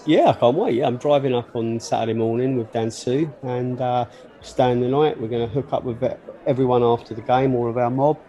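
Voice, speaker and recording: A man's voice: mid-range voice, steady tone, a little fast, warm tone, muffled recording. A man co-hosting a casual football fan podcast, chatty and full of hesitant fillers. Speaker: podcast co-host.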